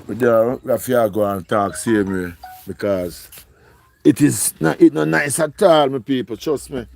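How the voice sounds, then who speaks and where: A man's voice: mid-range voice, measured pace, creaky, darkish tone. A man with a Jamaican accent, pleading and repeating himself as he speaks emotionally to viewers on a live stream. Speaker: livestreamer.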